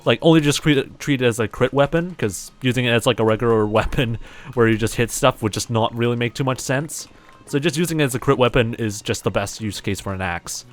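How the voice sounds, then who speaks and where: A man's voice: mid-range voice, a little fast, soft background music. A man from New Zealand with a light, slightly American-sounding accent. He chats casually to his live-stream audience while playing a game, leaning on "like" and "um" and restarting often. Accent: light New Zealand, somewhat American-sounding. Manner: rambling, heavy use of "like" and "um", many restarts. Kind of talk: casual live-stream chat while gaming, reading chat aloud.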